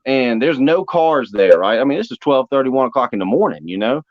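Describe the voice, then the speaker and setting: Young male testimony storyteller, animated, mid-range voice; dry, muffled lo-fi recording. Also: medium pitch, a little fast, no room sound. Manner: animated, acts out quotes. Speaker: speaker giving testimony. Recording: dry, dull lo-fi audio.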